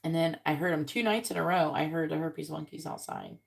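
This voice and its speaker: A woman with a low, gravelly voice does a live tarot reading, murmuring the card draws over and over in between blunt, casual asides. Clicks and shuffling cards are loud behind her. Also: brisk, heavy background noise. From Florida, United States. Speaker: tarot reader.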